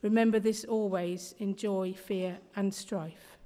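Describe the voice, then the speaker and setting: A woman voicing Jesus as a calm man who speaks in a slow, steady, reassuring way. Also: medium pitch, close to an everyday voice. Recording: long hall reverb.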